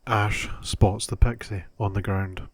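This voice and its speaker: Low steady male storyteller. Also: measured pace, no room sound. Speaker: narrator. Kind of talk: scripted storybook narration.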